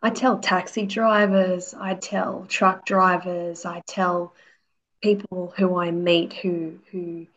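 A woman's voice: lowish voice, level tone, takes it slowly, fairly bright tone. A woman in her forties, an author telling stories as a guest in casual interview chat, peppering her talk with "you know" and acting out quotes. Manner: chatty storyteller, many "you know"s, acts out quotes. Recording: slightly dull lo-fi audio.

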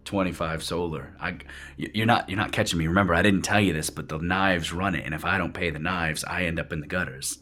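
A man's voice: sits low, steady tone, fairly quick, bright, forceful tone. Man playing a jumpy, nervous street dealer. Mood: pleading. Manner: evasive, jumpy, keeps repeating himself.

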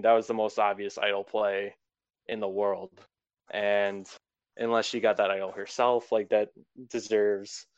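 A young man talking casually in an exit interview about a game he was eliminated from, rambling with lots of fillers in a fairly monotone voice. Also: on the low side, clean tone, dry recording, dull audio. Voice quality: self-described monotone. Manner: rambling, filler-heavy, laid-back. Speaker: eliminated player being interviewed.

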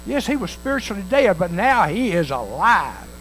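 High-voiced pastor guy preaching folksy, swings up and down a lot, faint hum under it. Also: sing-song, normal speed, fairly bright tone, low-quality recording. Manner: folksy preaching, acting out the parable's dialogue. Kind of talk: sermon.

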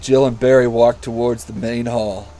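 A man's voice: mid-range voice, fairly even intonation, moderate pace, dark tone. A man hosting a comedy podcast, reading a story aloud and often breaking into giggles.

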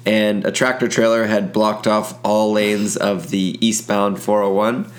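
A man's voice: lowish voice, flat delivery, a little slow. A young man from Ontario, Canada, co-hosting a casual podcast, telling stories loosely, swearing and laughing. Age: young adult. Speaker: podcast co-host.

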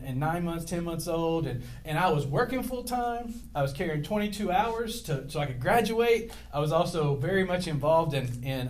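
A middle-aged male pastor preaching to his church, chatty and prone to side stories and jokes at his own expense. His voice sits a bit high for a man. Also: darkish tone, a little hiss or hum. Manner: rambling, digressive, self-deprecating humor. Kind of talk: sermon. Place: church with a congregation.

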